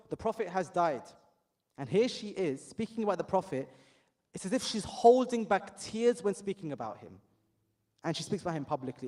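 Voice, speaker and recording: A man's voice: sits high, a little mellow. A man giving an earnest, impassioned sermon in a mosque, speaking in English and asking rhetorical questions. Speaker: speaker at a religious gathering.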